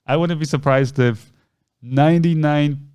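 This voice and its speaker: A man co-hosting a podcast, casually retelling a story and acting out the voices of the people in it with big jumps in pitch. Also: a little slow, a little mellow, clean tone. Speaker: podcast co-host.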